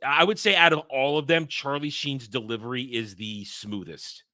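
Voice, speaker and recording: A man with a bright, forceful voice and an opinionated, emphatic way of talking. He hosts a casual film review chat, recorded dry and close. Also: medium pitch, normal speed, no room sound. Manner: opinionated, animated, emphatic rants. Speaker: podcast host reviewing a film.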